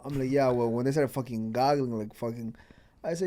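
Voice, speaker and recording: A man's voice: mid-range voice, fairly quick, warm tone. A man hosting a podcast, telling stories in casual chat, swearing freely and acting out what people said. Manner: swears freely, acts out quotes. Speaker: podcast host.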